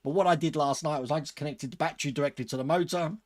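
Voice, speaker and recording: A man's voice: on the high side, very fast. A man hosting a live stream, chatting casually with viewers and chuckling often. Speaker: host of a model-building channel.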